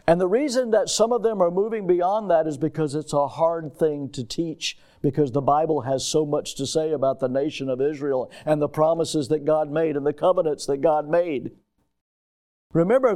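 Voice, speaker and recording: A man with a notably high voice delivers a teaching sermon. He reads old-fashioned scripture wording aloud, then explains it plainly and throws questions to his listeners. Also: normal speed, warm tone. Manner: teacherly, asks the congregation questions. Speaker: pastor. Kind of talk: expository sermon.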